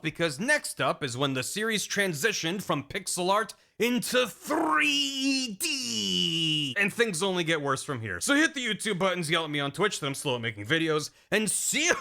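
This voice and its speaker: A man streaming and narrating a comedic recap in an animated, rambling, self-mocking way. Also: on the high side, moderate pace, hardly any pauses.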